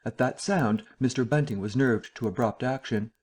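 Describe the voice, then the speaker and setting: Steady male audiobook narrator. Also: mid-range voice, moderate pace, slightly rough. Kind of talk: scripted narration.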